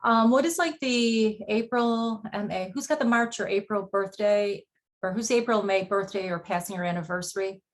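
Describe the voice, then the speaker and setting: A woman hosting a show as a psychic medium, asking quick probing questions in a chatty live reading. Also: mid-range voice. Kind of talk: relaying messages in a live reading.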